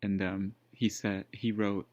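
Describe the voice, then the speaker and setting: A man's voice: on the low side, flat delivery, measured pace, a little mellow, no echo. Rambling man telling a story, dull lo-fi. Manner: rambling, many fillers and restarts. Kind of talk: casual storytelling. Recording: dull lo-fi dry sound.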